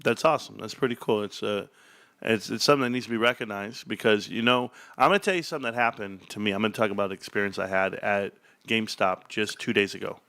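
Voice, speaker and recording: A man hosting an investing chat, telling a store story with lively acted-out dialogue. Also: lowish voice, fast. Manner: animated storyteller acting out shop dialogue. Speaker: stock channel host.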